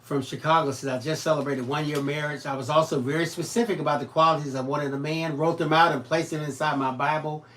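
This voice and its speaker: A man's voice: a little high, fast talker, few pauses, a little hiss or hum. A man co-hosting a home crafting livestream, reading viewer comments aloud and teasing in easygoing chat. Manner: joking, teasing, animated storyteller.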